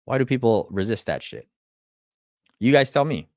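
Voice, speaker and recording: A motivational speaker gives a live talk in a medium-pitched, very animated voice at normal speed, a little mellow in tone. He's blunt and swears constantly, firing off rhetorical questions and stumbling into restarts once he gets fired up. The recording is clean studio sound with no echo.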